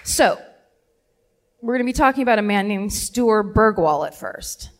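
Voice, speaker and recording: A woman hosting a live comedy true-crime podcast. She tells the story in an animated, sweary, self-mocking way, laughing as she goes. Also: medium pitch, normal speed. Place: live theater stage before an audience.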